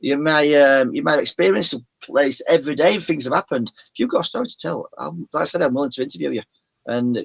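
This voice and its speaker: A man's voice: on the high side, quick pace, vocal fry, husky, lo-fi sound. A man from Yorkshire with a mild Yorkshire accent, chatting as a guest over a video call, rambling and often restarting his sentences. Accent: mild Yorkshire English. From Yorkshire, England. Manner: rambling, many restarts and self-corrections. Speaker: guest, paranormal show presenter. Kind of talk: casual video-call chat.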